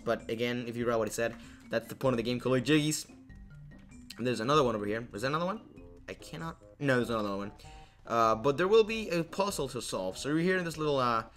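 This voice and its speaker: Bright-voiced young man rambling over gameplay. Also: medium pitch. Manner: rambling, self-deprecating, many fillers and restarts. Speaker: let's play host. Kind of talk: casual gameplay commentary.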